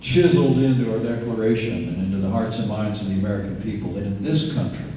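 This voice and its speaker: A man's voice: on the low side, fast, dark tone, slight background noise. A man in his sixties from Indiana giving a campaign speech, telling earnest stories with folksy asides. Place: event venue, large indoor room. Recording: echoey hall, distant mic.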